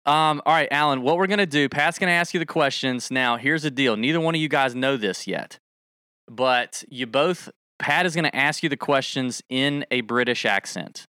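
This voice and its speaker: A man hosting a casual podcast game show, energetic and joking as he hypes up a guest on a studio mic. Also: medium pitch, normal speed, clean tone, no echo. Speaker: show host.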